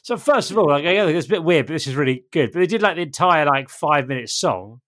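A middle-aged man guest telling a story in casual chat, animated and acting out the voices of the people in it. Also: a little high, fast talker. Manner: animated, acts out quoted voices. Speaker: podcast guest telling an anecdote.

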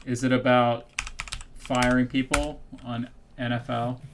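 A man's voice: medium pitch, flat delivery, a little slow, background noise. Joking, rambling male podcast host. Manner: joking, swears freely, rambling with restarts. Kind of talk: casual podcast chat.

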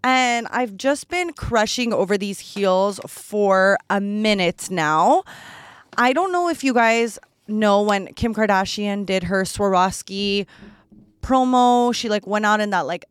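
A young woman chats alone into her podcast mic, gushing and a little bratty as she unboxes presents, her talk thick with "like" fillers. Her voice sits at a middle pitch, and the recording is dry and close, with no room sound around it. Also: slow, smooth, no room sound. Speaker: podcast host. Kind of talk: solo podcast chat, unboxing gifts.

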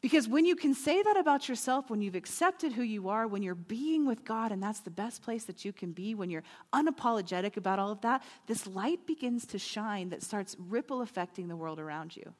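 A woman preaching a sermon in a lively, playful way, often acting out imagined voices. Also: medium pitch, brisk, few pauses. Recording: long hall reverb.

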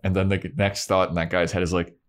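Male podcast co-host, low voice, casual and swear-happy, slips into quoted dialogue as he recaps. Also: little pitch movement, fairly quick. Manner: loose and profane, acts out quoted dialogue. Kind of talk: casual TV episode recap chat.

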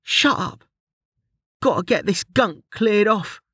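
A man's voice: high voice, a little slow, a bit bright, no room sound, pitched above the performer's own voice. A man voicing a blunt female adventurer who talks in coarse slang. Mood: gruff cheerful. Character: rough cheerful female adventurer.

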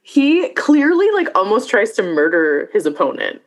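A woman co-hosting a casual chat, wry and quick to laugh as she retells scenes. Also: mid-range voice, big pitch swings. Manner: wry, laughs easily, storytelling. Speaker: podcast co-host.

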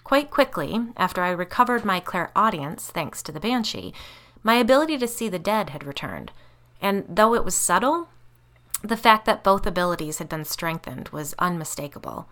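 Wry, low-voiced woman narrating an audiobook. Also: very animated, moderate pace, fairly bright tone. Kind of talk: first-person audiobook narration.

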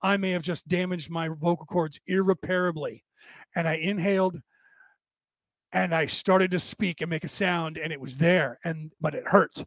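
An older man talks into a close, dry mic. His worn voice sits a little high for a man, and he rambles on with restarts and asides. He sounds tired after hours of talking. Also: fairly even intonation, normal speed, a bit bright, no echo. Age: older, with graying hair. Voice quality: says his voice is damaged but penetrating. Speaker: podcast host. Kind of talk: casual monologue.

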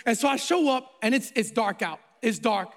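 A man's voice: very high-pitched, lively intonation, normal speed, a bit bright. A middle-aged man, a pastor, preaching a sermon that opens with a self-mocking personal story, talking animatedly and often repeating words. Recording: long hall reverb.

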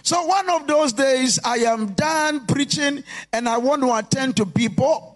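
A man preaching a sermon as pastor, impassioned and often shouting in a sing-song preaching cadence. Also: very high-pitched, a little slow. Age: adult.

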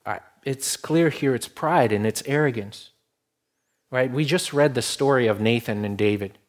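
A man preaching a conversational sermon, explaining a passage with rhetorical questions and dropping to a hushed voice for quotes. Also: medium pitch, normal speed. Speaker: pastor.

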